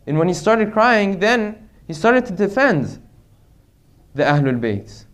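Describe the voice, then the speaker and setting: Male religious lecturer, high-pitched, earnest, rhetorical. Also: sing-song, measured pace, a bit bright.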